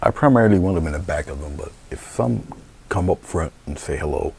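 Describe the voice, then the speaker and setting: A man teaching painting in a relaxed, chatty way, talking through his brushwork as he paints live. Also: very deep voice, a little fast, creaky, a little hiss or hum. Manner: relaxed, chatty, thinking aloud. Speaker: painting instructor.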